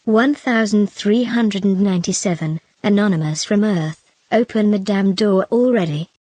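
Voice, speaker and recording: Female narrator, steady list-reading of chat comments, mid pitch, dry recording. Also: moderate pace, no echo. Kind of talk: reading out numbered chat comments from a web novel.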